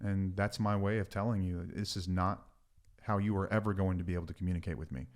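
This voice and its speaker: A man's voice: deep voice, steady tone, fast. A man co-hosting a podcast, talking earnestly with joking asides. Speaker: podcast co-host. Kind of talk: casual chat.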